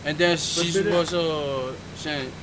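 A man's voice: fairly even intonation, takes it slowly, poor audio. A young man joking with friends outdoors, telling a story with lots of laughing and mimicking. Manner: laughing, mimicking screams in a high voice. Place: outdoors in a village with a group. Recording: loud crowd of friends around. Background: friends talking and laughing.

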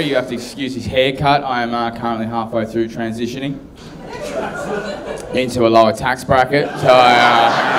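A man doing stand-up in a dry, deadpan way. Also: medium pitch, heavy background noise. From Australia. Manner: dry, deadpan delivery of edgy jokes. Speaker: stand-up comedian. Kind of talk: stand-up routine. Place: comedy club stage with audience. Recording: live club, crowd audible.

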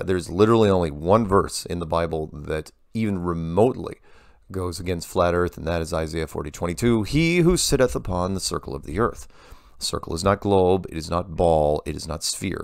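A man with a very low, gravelly voice answers viewer emails in a loose, rambling way, often restarting his sentences. The sound is close and dry, with no room echo. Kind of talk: casual monologue.

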